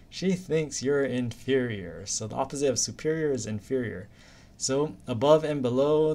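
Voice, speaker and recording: With a mid-range, somewhat mellow voice, a Hawaiian anatomy instructor delivers a recorded lecture in a laid-back, chatty way, sprinkling in silly stories for memorization.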